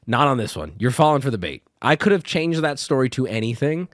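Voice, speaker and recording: A man hosting a live stream, telling a story to his chat in a casual, exasperated, animated way with frequent restarts. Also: medium pitch, fairly quick, no room sound, clean studio sound. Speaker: streamer and host.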